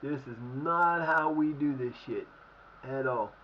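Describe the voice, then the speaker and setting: Man, game streamer, swearing, scolding his team, high-ish voice, noisy background. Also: measured pace, lo-fi sound. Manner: profane, scolding his virtual team in angry rants. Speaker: streamer playing a football management game. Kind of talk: live-stream gameplay commentary.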